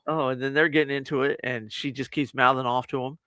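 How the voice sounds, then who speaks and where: A man co-hosting a casual movie review podcast, retelling the plot in lively fashion and acting out the characters' lines. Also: medium pitch, quick pace, no echo. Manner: animated retelling, acts out quotes with laughs. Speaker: podcast co-host.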